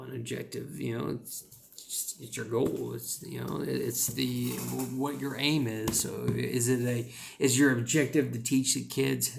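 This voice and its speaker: Gravelly-voiced man, halting casual explainer, mid pitch. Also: slight background noise. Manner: halting, many restarts and fillers. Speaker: English teacher giving hiring advice.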